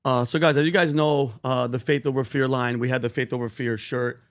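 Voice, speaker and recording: A man, co-hosting a podcast, pitching merch and earnestly retelling a Bible story. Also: brisk. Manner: earnest, animated storytelling with acted quotes. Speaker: podcast co-host.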